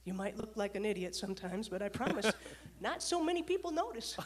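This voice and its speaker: A woman giving a motivational talk to an audience and telling a story from her dispatcher days in a lively way. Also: medium pitch, normal speed, a little hiss or hum. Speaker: speaker, former dispatcher and leadership coach.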